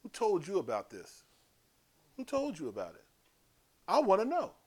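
A man doing a fierce male prophet, mocking and blunt, firing off scolding accusations, voice leaping high and low, raised tone; a street-preacher's bite in every line, as the preacher acts him out. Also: huge pitch swings, exaggerated voice. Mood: accusing. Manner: scolding, rapid-fire accusations.

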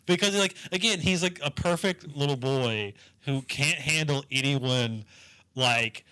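Bright-voiced man rambling in casual chat. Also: medium pitch, measured pace, smooth. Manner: rambling, profane, lots of "like" fillers. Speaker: podcast co-host. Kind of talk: casual comedic political chat.

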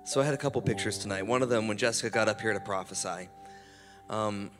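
Casual-talking preacher man, music behind. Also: lowish voice. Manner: casual, conversational, with fillers and self-corrections; softens to a hushed, slow voice in prayer. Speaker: guest preacher. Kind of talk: charismatic church sermon and prayer. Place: church service. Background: instrumental music.

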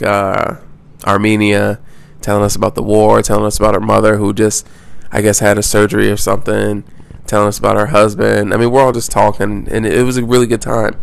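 A young man from the United States tells a travel story in a loose, rambling way, swearing freely and restarting his sentences. His voice sits low and flat, with a gravelly edge. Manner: rambling, profane, full of restarts. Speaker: travel vlogger. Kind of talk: casual storytelling.

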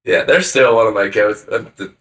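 A man's voice: on the low side, animated, a little fast, fairly bright tone, far from the mic. A man co-hosting a casual podcast chat, talking loosely with lots of hesitations and filler words. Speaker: podcast co-host.

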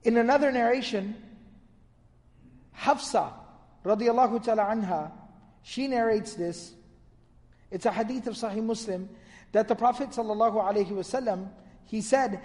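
A man's voice: sits high, moderate pace, pauses often, a little mellow, in a large hall. A man giving a religious lecture, retelling narrations in a storytelling manner and quoting Arabic. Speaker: Islamic lecturer.

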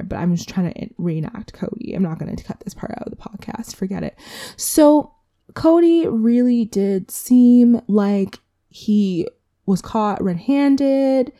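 A woman's voice: medium pitch, warm tone. A woman hosting a casual solo podcast recap, chatty and candid, with swearing and asides to herself. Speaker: podcast host.

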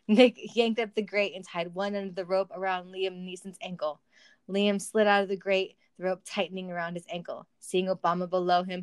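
A woman's voice: fairly low pitch, no echo. A woman reading a silly story aloud for comedy, with wry asides and laughter. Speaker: reader of a fan story.

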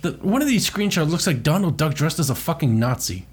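Sarcastic co-host, a man, husky tone, crude wisecracks over reviews. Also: fairly high pitch, very animated, brisk. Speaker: podcast co-host. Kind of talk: casual chat, reading old reviews.

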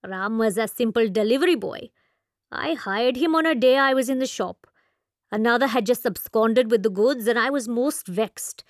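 A woman's voice: on the high side, moderate pace, no room sound, clean studio sound, close to an everyday voice. A woman voicing an elderly, genial shopkeeper who rambles in formal, old-fashioned phrasing, in an audiobook. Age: older. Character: elderly male Indian shopkeeper, wry and talkative. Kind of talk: audiobook character voice.

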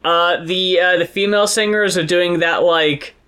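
Podcast co-host, male, high bright voice, profane fast riffing. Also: steady tone, clean tone. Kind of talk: casual music podcast chat.

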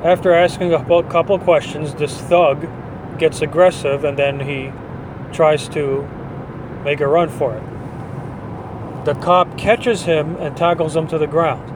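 A man hosts a podcast and rants through his opinions in a blunt, dismissive way. His voice sits a little high for a man. A faint city hum runs underneath. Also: steady tone, measured pace. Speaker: podcast host. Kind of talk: opinion monologue.

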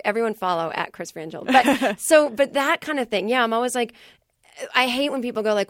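Woman comedy writer, podcast guest. Rapid, rambling storyteller who acts out quotes. Dry booth sound. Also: fairly high pitch, expressive, fairly bright tone, no room sound. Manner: chatty, fast storytelling with many "like"s and acted-out quotes. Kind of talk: casual podcast interview.

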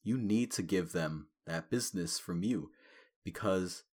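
A man of Caribbean background co-hosting a podcast, talking in a relaxed, reflective way and laughing often. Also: low voice, a little slow, slightly rough. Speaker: podcast co-host. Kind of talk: casual podcast chat.

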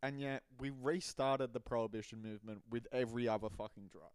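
Young Australian male co-host, relaxed sweary explainer, even middle voice, dry recording. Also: mid-range voice, brisk, clear, resonant tone, no echo. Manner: swears casually, explains with trailing asides. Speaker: podcast co-host. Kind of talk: casual chat.

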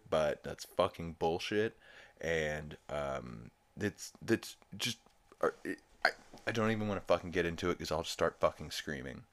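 Deep-voiced, profane podcast host. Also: male voice. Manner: rambling, profane, laughs while retelling. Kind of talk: casual episode recap.

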